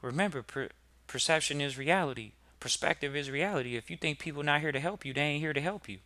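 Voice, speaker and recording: A male podcast host delivers a motivational talk packed with rhetorical questions for listeners, building to loud, emphatic peaks. His voice is fairly high and fast. The recording is dry.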